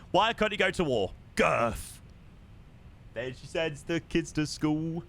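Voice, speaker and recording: A young man with a bright, ringing tone and a lively, swooping delivery, pitched a touch high for a man. He chats casually with his viewers, reads their messages aloud and hums little tunes between thoughts. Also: normal speed, slight background noise. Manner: chatty, reads chat aloud and hums to himself. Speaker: flight sim streamer. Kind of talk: casual live-stream chat.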